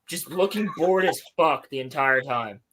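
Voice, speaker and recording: A man co-hosting a podcast, recapping a show in casual chat, animated and swearing often. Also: on the high side, a little slow, slight background noise. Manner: animated, swears a lot, mimics characters. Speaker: podcast co-host.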